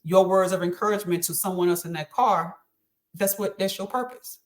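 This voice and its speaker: On her child's podcast, a middle-aged woman speaks briskly in a lowish voice. She earnestly shares thoughts on faith and encouragement during a casual chat, using um often.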